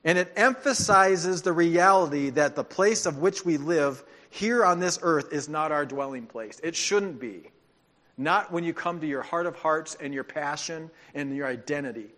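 A man preaching a sermon as pastor, telling stories with animation and dropping into soft, earnest tones. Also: on the high side, normal speed.

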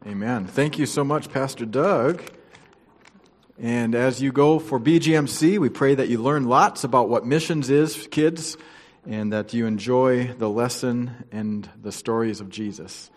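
A man's voice: medium pitch, a little slow, big-room sound. A man preaching a sermon, reading scripture with chatty, joking asides to the congregation.

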